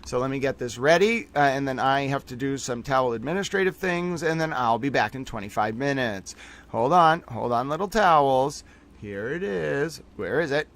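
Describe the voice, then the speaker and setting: A man hosts a live stream in a playful, theatrical ramble full of grand words. His pitch sits in an ordinary middle range, and he sounds a little worn after hours on air. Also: animated, moderate pace, a bit bright. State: tired late in a long stream. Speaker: livestream host. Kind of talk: long live stream commentary.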